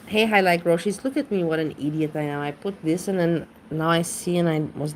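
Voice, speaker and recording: A woman's voice: fairly low pitch, brisk, hardly any pauses, a little hiss or hum. A woman chatting casually on her livestream, rambling and greeting viewers in chat by name. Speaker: livestream host. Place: home.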